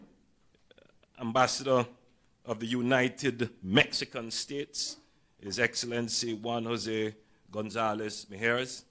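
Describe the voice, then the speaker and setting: A hoarse Jamaican man addressing a signing ceremony as prime minister, greeting dignitaries with relaxed, wry asides. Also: mid-range voice, slow pace. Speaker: prime minister giving a speech. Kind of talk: formal ceremony speech with acknowledgments.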